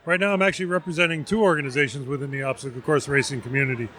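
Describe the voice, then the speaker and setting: A man from New Jersey, representing vendors, explaining things in a measured way. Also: medium pitch, fairly even intonation, sharp tone, slight background noise. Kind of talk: casual interview.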